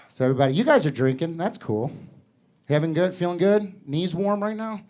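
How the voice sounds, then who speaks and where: A man with a high-pitched voice works through a stand-up set. His delivery is casual and rambling, and he slips into acted-out voices as he goes. He is performing live on a comedy club stage. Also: animated, normal speed, a little mellow.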